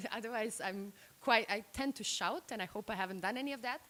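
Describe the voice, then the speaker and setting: Woman from serbia and slovenia giving a workshop talk, fairly high voice, blunt and lively, into a mic. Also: moderate pace. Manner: direct, animated, acts out quoted reactions. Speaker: workshop speaker. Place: room. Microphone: handheld microphone.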